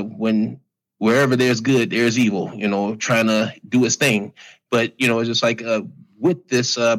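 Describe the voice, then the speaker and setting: A man in his late forties co-hosts a podcast in easygoing conversation. His speech is earnest and colloquial. He fills the gaps with steady "you know"s. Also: medium pitch, poor audio. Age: 40s. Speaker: podcast co-host. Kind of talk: casual conversation.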